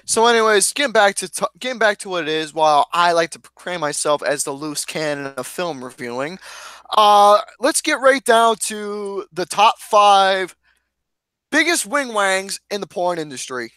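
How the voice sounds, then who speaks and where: A man hosting a casual podcast, reading lists aloud with a deadpan straight face. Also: high voice, normal speed, smooth, no echo. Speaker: podcast host.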